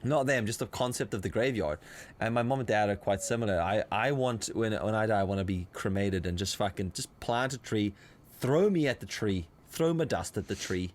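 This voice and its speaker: Lively, swearing man from South Africa. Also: lowish voice, a little fast, few pauses, slight background noise. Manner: animated storyteller, swears freely, puts on voices in anecdotes. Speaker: podcast co-host. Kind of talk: casual chat. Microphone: studio microphone.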